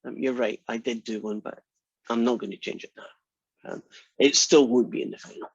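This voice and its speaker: A math lecturer talks casually and rambles with jokes to his online class. His voice is husky and dry, over a dull, lo-fi video-call sound. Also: mid-range voice, steady tone, moderate pace, no room sound. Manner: rambling, joking.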